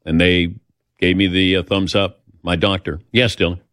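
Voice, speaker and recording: This older male host sits low in pitch with little movement and a fairly bright tone, talking at a moderate pace. His casual storytelling is chatty and self-deprecating, with voices acted out for those he quotes. Clean studio sound, no echo.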